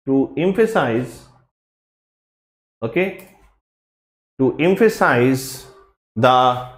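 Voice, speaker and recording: A male teacher, giving a live online grammar class and repeating each phrase slowly to drill it. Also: sits high, roomy sound. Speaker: English teacher.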